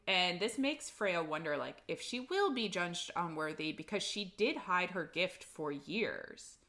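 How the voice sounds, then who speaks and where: A woman's voice: on the low side, lively intonation, a little slow, bright, forceful tone. A woman co-hosting a casual book-club podcast, retelling the plot loosely, with lots of "like" and the odd swear. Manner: chatty recap with lots of "like" and swearing. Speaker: podcast co-host.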